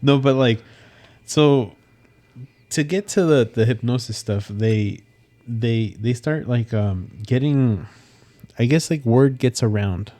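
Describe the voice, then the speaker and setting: A man's voice: medium pitch, slow, mellow. A man co-hosting a podcast, rambling through a story in casual chat and swearing freely. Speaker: podcast co-host.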